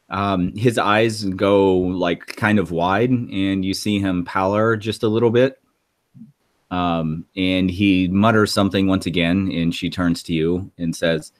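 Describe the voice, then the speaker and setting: A man narrating a tabletop game as game master, halting and filled with ums and likes. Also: sits low, steady tone, dry recording.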